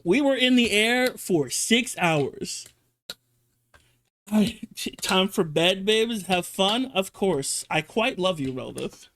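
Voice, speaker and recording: A man streaming live, reacting to a video and telling animated stories in casual chat. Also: high-pitched, slight background noise. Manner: animated storytelling, swings between fast and drawn-out.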